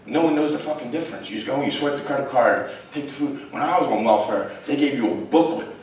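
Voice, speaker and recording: A man's voice: medium pitch, quick pace, a little mellow. A man in his thirties telling his life story to a theater audience in a blunt, profane, chatty way, often checking in with the crowd. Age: 30s. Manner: blunt, profane, conversational, keeps checking in with "right?". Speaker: guest speaker. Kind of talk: storytelling talk to a live audience. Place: large college theater, in front of a full house. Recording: very echoey theater, distant mic, faint hiss.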